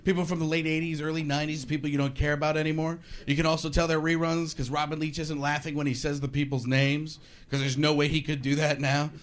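A man doing a stand-up comedy routine in an animated way, slipping into mock voices, with audience laughter behind him. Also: on the high side, quick pace, few pauses. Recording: live club set with crowd.

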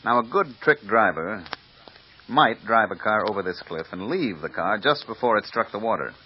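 An actor playing a matter-of-fact police lieutenant in a 1950s radio drama. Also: male voice, fairly low pitch, animated, moderate pace, natural voice. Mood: businesslike. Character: brisk middle-aged police lieutenant. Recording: muffled old radio recording with hiss.

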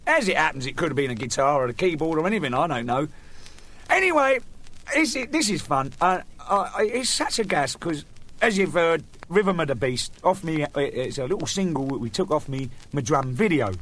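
A man's voice: a little high, fairly bright tone. A middle-aged man, hosting a comic radio segment in a rambling, joking, self-mocking way. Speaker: host.

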